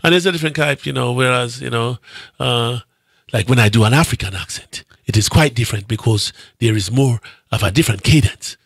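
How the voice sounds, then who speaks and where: A man's voice: medium pitch, brisk, gravelly, no room sound. A man, an actor, answering interview questions in a reflective, hesitant way with many restarts. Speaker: actor and guest. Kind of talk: interview talk.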